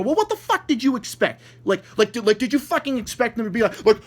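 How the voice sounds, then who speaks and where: A man's voice: extremely high pitch, lively intonation, a little fast, few pauses. A man ranting angrily at his viewers, swearing nonstop, repeating and stumbling over words, with a mocking, sarcastic edge. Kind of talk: angry profane rant.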